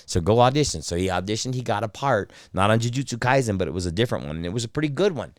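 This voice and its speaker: Animated low-voiced man telling stories. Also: no echo, clean studio sound. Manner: storytelling, profane, quick with impressions. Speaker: podcast guest, voice actor. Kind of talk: casual podcast chat. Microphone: studio mic.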